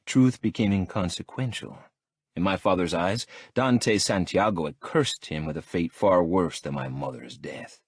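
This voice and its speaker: A man narrating an audiobook in first person in a brooding, measured way. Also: deep voice, husky, no room sound, studio quality.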